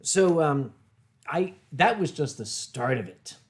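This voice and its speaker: A middle-aged man hosting a casual stream, telling wry, drawn-out anecdotes with deadpan punchlines. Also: fairly high pitch. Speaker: streamer host. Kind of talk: casual storytelling chat.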